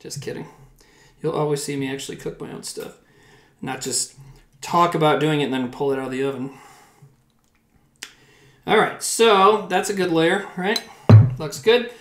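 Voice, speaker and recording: A man's voice: a little high, normal speed, long pauses, fairly bright tone. A man streaming live while cooking in his home kitchen, rambling, swearing now and then, and chatting with his viewers. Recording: roomy kitchen with faint background noise.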